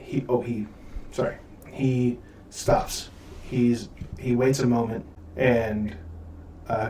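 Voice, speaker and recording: A man's voice: medium pitch, warm tone, slight background noise. A man narrating as game master, rambling with many fillers, recorded with room echo from a distance. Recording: roomy audio from far off mic.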